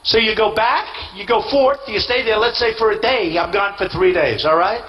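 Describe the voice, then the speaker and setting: Giving a rally speech as a candidate, a man with a voice that sits high boasts and rambles at a moderate pace, repeating himself and acting out quoted dialogue. The audio sounds dull.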